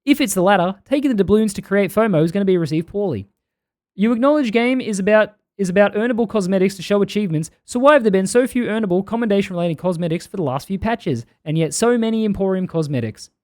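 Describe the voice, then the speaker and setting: A man reading out a viewer's long complaint in a put-on New Zealand accent that drifts toward Australian, with an earnest, steady delivery. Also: high voice, quick pace, no room sound, studio quality.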